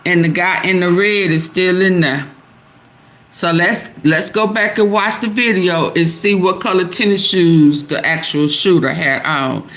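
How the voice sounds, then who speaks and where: Slow-talking chatty woman on a livestream. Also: lowish voice, a bit bright. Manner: chatty, answers chat comments aloud, laughs often. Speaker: livestream host. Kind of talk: casual live-stream commentary.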